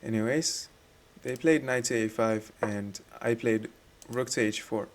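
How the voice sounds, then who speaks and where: A man reviewing one of his own chess games, explaining his moves step by step in a relaxed voice-over. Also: medium pitch, unhurried. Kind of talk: casual game commentary.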